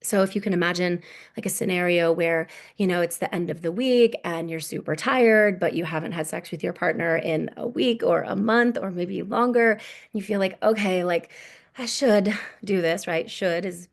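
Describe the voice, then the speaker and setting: A woman in her thirties giving a relaxed workshop talk as a sex coach, often tagging "right?" onto her points. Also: lowish voice, moderate pace, creaky. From United States.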